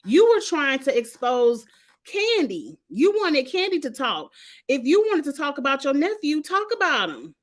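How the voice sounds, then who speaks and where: A woman's voice: high-pitched, normal speed. Sassy woman ranting about a show. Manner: animated, sassy, exasperated commentary. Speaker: reality TV reviewer. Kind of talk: casual recap rant.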